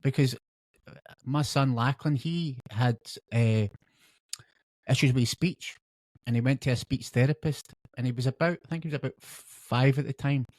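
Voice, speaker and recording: A man's voice: mid-range voice, normal speed, darkish tone, no room sound. An enthusiastic man hosts a casual podcast interview, affirming his guest as he talks. His voice sits in the middle range for a man. The recording is dry and close, with no room sound. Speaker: podcast host.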